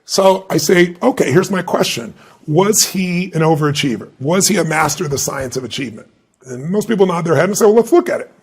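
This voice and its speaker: A middle-aged motivational speaker answers interview questions, animatedly telling stories and acting out the voices of the people he quotes. His voice sits on the high side, moves fairly quickly, and carries a breathy edge.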